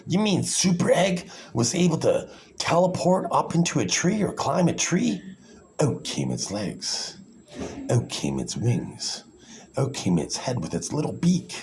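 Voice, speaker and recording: Low, gravelly man ranting to camera, sarcastic and condescending, swings his pitch widely. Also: darkish tone, slight background noise. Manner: sarcastic, condescending, full of fillers and restarts. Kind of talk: rambling monologue.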